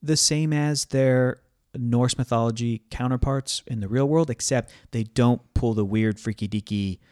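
A man's voice: medium pitch, fairly even intonation, unhurried, a little mellow, smooth, dry recording, clean studio sound. A man co-hosting a casual podcast chat, rambling with many fillers and restarts. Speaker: podcast co-host.

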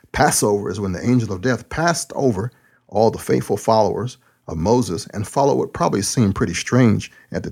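This is a preacher running his own podcast as a relaxed one-man monologue, full of folksy humor and excitement. His pitch is lowish, and there's a breathy edge to it.

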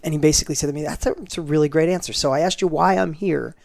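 Here a middle-aged man, guesting on a podcast, rattles off personal anecdotes at rapid-fire speed, performing the dialogue and restarting often. His fairly high, creaky voice is captured in clean studio sound with no room noise.

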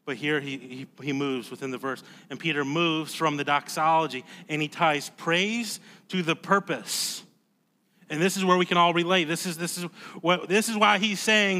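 A man preaching a sermon as pastor, conversational and emphatic, dropping to a hush and then rising loud, often repeating words. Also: fairly high pitch, normal speed. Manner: emphatic, swings from hushed to loud.

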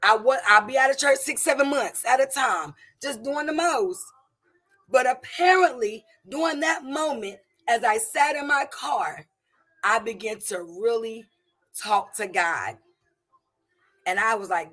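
A middle-aged woman giving a personal testimony to a congregation, in an emotional, halting way with many restarts and repeated words. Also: on the high side, a bit bright. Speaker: church member giving testimony.

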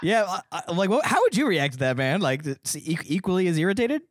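A man co-hosting a casual podcast, a measured storyteller who laughs often. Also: high-pitched, very animated, dry recording, studio quality. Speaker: podcast co-host. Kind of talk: casual chat.

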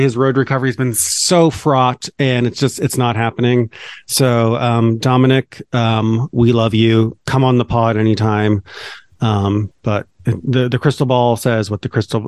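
A man's voice: medium pitch, a little mellow, dry recording, clean studio sound. A man co-hosting a casual podcast chat, playfully teasing his partner like a quiz-master. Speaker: podcast co-host.

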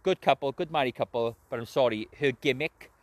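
Mężczyzna z brytyjskim akcentem, który luźno i chaotycznie omawia wrestling, dużo przeklina i często się śmieje. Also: male voice, medium pitch, fairly quick, no echo. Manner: heavy swearing, rambling, laughs often. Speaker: wrestling show reviewer. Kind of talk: casual spoken recap and opinion.

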